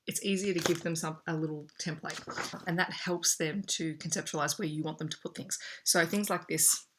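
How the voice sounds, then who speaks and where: A young Australian woman, a teacher, talks through a book haul with a low, steady voice at normal speed over a noisy background. She's chatty and enthusiastic, showing pages to the camera.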